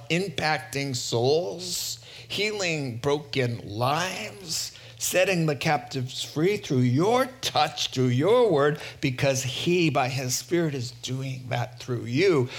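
In his sermon, a male pastor with a voice on the high side spins lively stories, often chuckling. He swings from fast asides to deliberate, weighty phrases.

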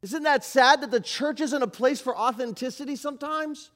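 A man preaching a sermon as pastor, animated, moving from loud emphasis to quiet asides. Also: very high voice, moderate pace. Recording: live church service.

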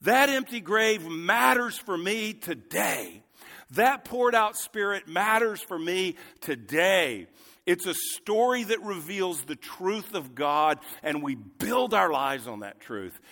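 A man's voice: sits high, sharp tone. Fervent preacher man in a reverberant hall. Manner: earnest preaching, rising to fervent emphasis. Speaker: pastor. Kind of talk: sermon.

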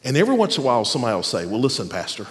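A man preaching a sermon as pastor, animated, then dropping to a soft, quiet voice for tender moments. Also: mid-range voice, rapid-fire. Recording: long hall reverb.

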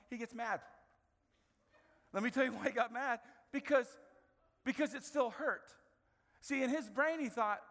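Man, 30s, pastor, sermon, animated storyteller, high voice, long reverb. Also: a little fast. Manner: animated storytelling, acting out family scenes.

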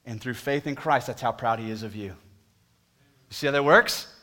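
A man preaching a sermon, pleading with the congregation, moving from booming emphasis to hushed appeals. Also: moderate pace. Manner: talks to the congregation directly with questions. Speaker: pastor.

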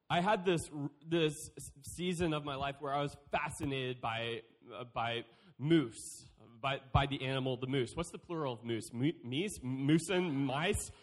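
A young man giving a playful youth sermon, joking and acting out quotes. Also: fairly high pitch. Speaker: youth speaker.

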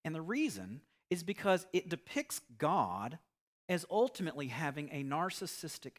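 Guy preaching, earnest storyteller, kinda higher voice. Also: very animated, normal speed. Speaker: pastor. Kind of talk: sermon.

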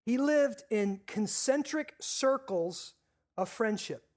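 Animated and mid-range, a pastor's voice drives a sermon of repeated, stressed phrases. He takes key lines more slowly and asks his congregation questions.

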